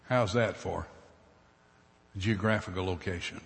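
A man preaching a dramatic sermon, swinging from loud bursts to hushed asides. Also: fairly low pitch, fairly quick, pauses often. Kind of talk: sermon storytelling. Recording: long reverb in a hall.

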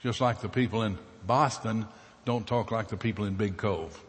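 Preacher in a reverberant hall. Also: male voice, on the low side, normal speed. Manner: dramatic, acts out voices, shifts from loud bursts to hushed asides. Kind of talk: sermon storytelling.

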